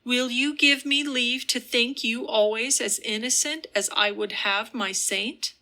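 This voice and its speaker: A woman's voice: a little high, a little slow, pushed and bright. A woman reading the part of a tormented young man, speaking earnestly and with passion. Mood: solemn. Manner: earnest, impassioned declaring.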